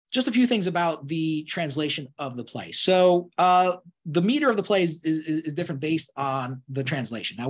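A man with a somewhat high voice delivers a college lecture. He explains things conversationally and keeps stumbling over his words, restarting phrases and leaning on "you know" as he goes. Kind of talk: classroom lecture.

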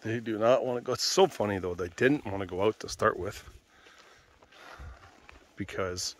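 A man vlogging outdoors on a walk with a handheld camera, calling out loudly in a high sing-song and chatting quietly in between. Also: normal speed. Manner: calls dogs in a loud high sing-song, chats softly between. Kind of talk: casual vlog commentary.

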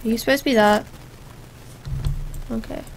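A woman's voice: fairly high pitch, fairly even intonation, normal speed, gravelly, a little hiss or hum. A young woman giving rambling, jokey let's play commentary as she plays a game. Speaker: gamer.

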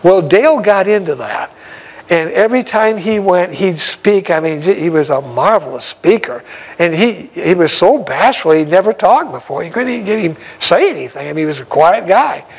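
A man's voice: high-pitched, expressive, moderate pace, slightly rough, poor audio. A man, an evangelist, telling a story in a sermon in a folksy, exclamatory way with frequent chuckles.

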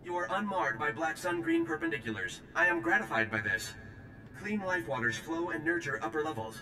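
An actor playing a formal alien engineer in a video game, speaking in oddly stilted phrases. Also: male voice, on the high side, sing-song, brisk, reverberant, background noise. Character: alien male engineer, formal and strangely worded.

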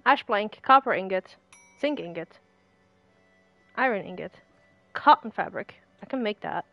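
A woman's voice: mid-range voice, animated, measured pace, vocal fry, no room sound, dull audio, soft background music. A woman casually chatting and thinking aloud while playing a game. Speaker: game streamer. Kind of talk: casual let's play commentary.

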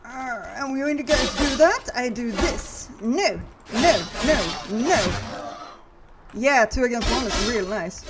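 A woman's voice: fairly high pitch, lively intonation, a little slow, heavy background noise. A woman giving casual let's-play commentary, flustered and swearing, chanting "nope" over and over. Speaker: gaming video creator.

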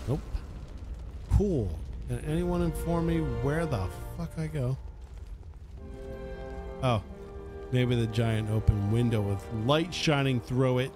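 A man's voice: mid-range voice, slow, pauses often. A man casually commenting on a video game as he plays, chatty and sarcastic, swearing freely. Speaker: let's play host. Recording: game music under the voice.

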